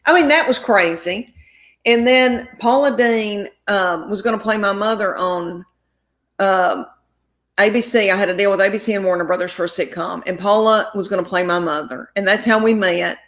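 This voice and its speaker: A woman comedian being interviewed, telling rambling, animated stories full of quoted dialogue. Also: medium pitch, moderate pace. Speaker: comedian guest. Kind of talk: storytelling interview chat.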